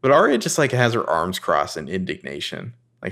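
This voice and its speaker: Deep-voiced man in casual chat. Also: huge pitch swings, normal speed, creaky, a bit bright. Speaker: podcast co-host recapping a TV episode.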